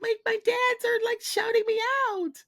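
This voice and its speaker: A man putting on the voice of a sentimental grown man who is overjoyed to be praised by his friends, in a squealing falsetto. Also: fairly even intonation, normal speed, fairly bright tone. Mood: gushing.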